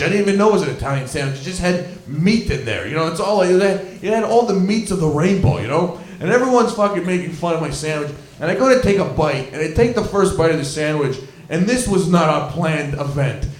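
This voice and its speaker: High-voiced rambling stand-up comedian man. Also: echoey room. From Scarborough, Toronto. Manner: rambling, profane, filler-heavy storytelling. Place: comedy club venue.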